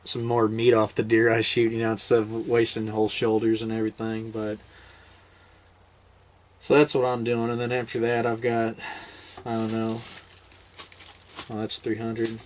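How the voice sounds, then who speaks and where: A man's voice: on the low side, monotone, moderate pace, long pauses, a little hiss or hum. A man, a military veteran, casually telling a hunting story in a rambling, laid-back way with many fillers and restarts.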